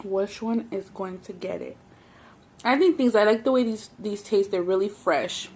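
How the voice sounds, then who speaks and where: A young woman with a Southern Californian accent eats on camera for her mukbang vlog while telling blunt, profane stories in an animated, casual way. Her voice is mid-range and moves at a moderate pace.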